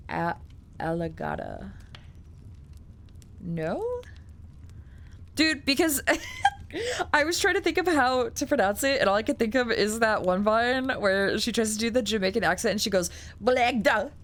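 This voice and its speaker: A woman's voice: a little high, lively intonation, moderate pace, fairly bright tone. A woman streamer reading a document aloud, breaking off into chatty, filler-heavy asides and casual swearing.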